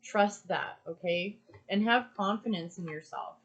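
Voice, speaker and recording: A woman's voice: medium pitch, measured pace, highs cut off. A woman giving an earnest, emphatic pick-a-card reading, repeating phrases for stress. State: emotional. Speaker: tarot card reader.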